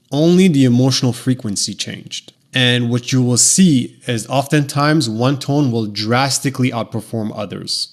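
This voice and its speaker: A man delivering a scripted lesson on ad strategy, speaking at a medium pitch. He talks in short, punchy declarative phrases, like a consultant walking clients through a method. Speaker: paid social marketing consultant.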